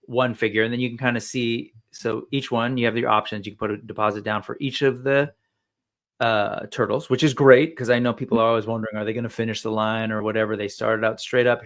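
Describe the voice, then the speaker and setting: A man hosting a casual livestream, his voice gravelly with some fry at a middling pitch. He rambles in a chatty way, piling up fillers and restarting sentences as he goes. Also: fairly even intonation, a little fast, a bit bright. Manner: chatty, rambling, frequent fillers and self-corrections. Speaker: livestream host. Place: home studio.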